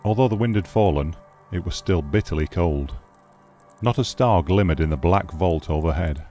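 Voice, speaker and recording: Brief: male audiobook narrator, low dark tone, dry close sound, faint music under. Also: moderate pace. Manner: steady, grave storytelling. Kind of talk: scripted narration.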